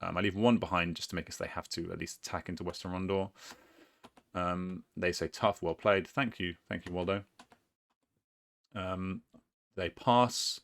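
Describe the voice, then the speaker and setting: A man's voice: low voice, fairly even intonation, moderate pace, creaky, long pauses, fairly bright tone. A man casually commentating his own board game match, rambling and hesitant, often laughing at himself.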